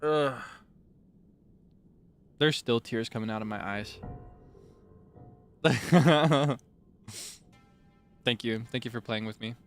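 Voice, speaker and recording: A man's voice: mid-range voice, slow, pauses often, clean tone, faint music behind. A man streaming live, chatting playfully with his viewers, teasing them and sharing bits of trivia. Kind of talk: casual livestream chat with viewers.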